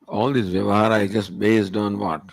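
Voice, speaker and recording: A man's voice: on the low side, level tone, moderate pace, vocal fry, no echo. A male spiritual teacher, giving a Vedanta discourse and pressing the listener with rhetorical questions. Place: retreat hall.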